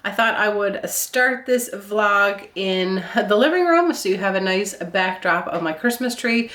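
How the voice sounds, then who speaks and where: A woman's voice: mid-range voice, animated, a little slow, a bit bright. A woman in her thirties from Eastern Canada, a stay-at-home mom chatting casually through her day while stuffed up from a cold, with lots of ums. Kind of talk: casual vlog chat.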